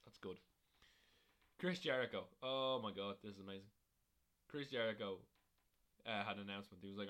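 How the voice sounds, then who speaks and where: A man's voice: fairly low pitch, fairly quick, pauses often, a bit bright. A man hosting a podcast on his own, recapping wrestling shows in a rambling, casual way with plenty of fillers and swearing. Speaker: podcast host.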